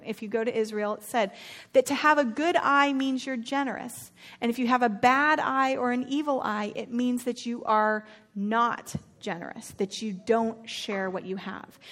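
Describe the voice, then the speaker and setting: Woman, sermon, fairly high voice, conversational, casual slang, animated storytelling. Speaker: preacher. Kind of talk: sermon teaching on a parable.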